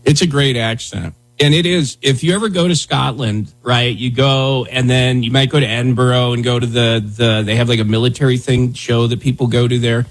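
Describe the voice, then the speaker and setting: A radio show host with a mid-range, steady voice talks at a moderate pace with few pauses. His casual talk-radio banter is loose and rambling, peppered with "dude" and "man."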